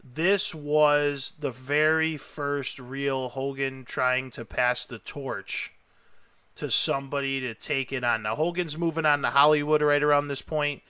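A man hosting a casual chat, telling a story with excitable, emotional energy and lots of rambling. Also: medium pitch, a little slow, clean tone, dry recording. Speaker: podcast host.

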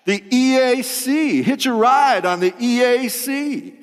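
A man's voice: extremely high pitch, expressive, slow pace, big-room sound, pitched above the performer's own voice, heavily acted. A man voicing a laid-back male surfer sea turtle in a drawling surfer-dude way. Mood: mellow.

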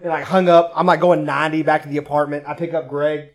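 Animated, cussing man telling a story. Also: a little high, quick pace. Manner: profane, animated, acts out quotes. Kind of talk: casual storytelling.

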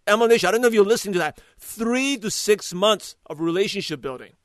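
A man's voice: high-pitched, expressive, quick pace, no echo. A male podcast host who interviews his guest with enthusiasm and speaks directly to his listeners. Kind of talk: interview hosting.

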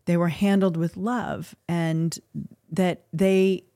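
A middle-aged woman from the United States, a guest on a podcast, telling a personal story in an earnest, halting, emotional way. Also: lowish voice, little pitch movement, warm tone, dry recording, clean studio sound. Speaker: interview guest. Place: podcast recording.

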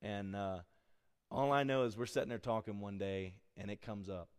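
A middle-aged man preaching a sermon, mixing scripture with animated personal stories that he laughs at. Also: fairly low pitch, normal speed, clean tone. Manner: animated storytelling, laughs at his own stories. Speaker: pastor. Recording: long hall reverb.

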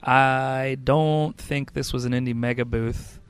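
A man's voice: mid-range voice, steady tone, unhurried, smooth. A man co-hosting a casual podcast chat about games, rambling with lots of fillers and restarts. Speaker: podcast co-host.

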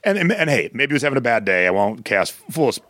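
A man's voice: mid-range voice, quick pace, no room sound. A middle-aged man co-hosting a podcast, telling stories in casual chat and acting out the people in them. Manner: storytelling, animated quoted voices. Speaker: podcast co-host.

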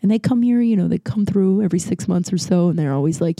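A young woman hosting a podcast, telling a long story in a casual, rambling way full of fillers and animated asides. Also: lowish voice, fast talker, vocal fry, no room sound, studio quality. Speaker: podcast host.

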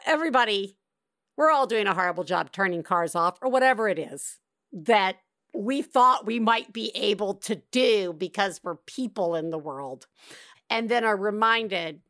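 A woman hosting a podcast, reacting to callers in casual, expressive chat with frequent laughter. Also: medium pitch, no echo, studio quality. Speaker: podcast host.

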